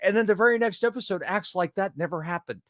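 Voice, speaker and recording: A man co-hosting a writing podcast, talking in a loose, animated way with frequent laughter and swearing. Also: high voice, fast talker, no echo, clean studio sound. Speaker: podcast co-host; writer. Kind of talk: casual chat.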